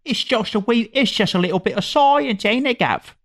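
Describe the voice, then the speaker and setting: A man putting on a gruff working-class English voice with an English accent. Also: high voice, animated, normal speed, fairly bright tone, voice pushed up. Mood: teasing.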